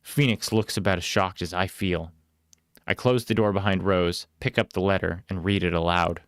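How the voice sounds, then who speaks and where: A man reading a storybook aloud in a plain, unhurried way with small casual asides. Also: low-pitched, steady tone, no room sound, studio quality.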